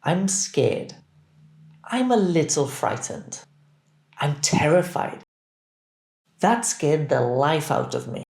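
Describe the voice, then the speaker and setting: A man teaching English, reading phrases deliberately and clearly so that learners can repeat them. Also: on the high side, sing-song, darkish tone. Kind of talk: scripted language drill. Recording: roomy echo.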